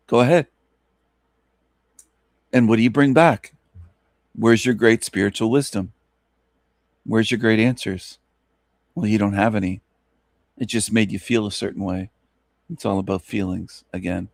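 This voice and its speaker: A man's voice: fairly low pitch, a little slow, creaky, long pauses, no room sound. A man hosting an online radio show, ranting scornfully at his listeners with mocking laughs and rhetorical questions. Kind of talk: scornful solo rant.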